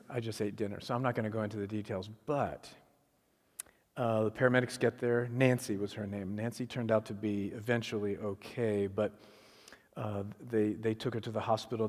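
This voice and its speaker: A middle-aged man giving an animated storytelling sermon as a guest speaker, acting out the voices of the people in his story. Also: fairly low pitch, a little fast. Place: church sanctuary. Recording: long hall reverb.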